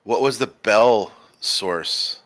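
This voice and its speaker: A man's voice: on the low side, extremely slow, a bit bright. A man playing a tabletop role-playing game, smug and playful in character. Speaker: player.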